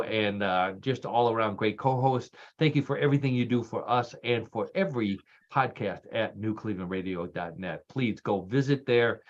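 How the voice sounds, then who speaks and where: A man's voice: on the low side, highs cut off. A man with a Texas accent hosting a casual radio show. He jokes and laughs often and restarts with "uh". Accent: Texan. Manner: chatty and jokey, laughs often, with frequent "uh" restarts. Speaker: show host. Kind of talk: casual radio chat, hosting a news quiz.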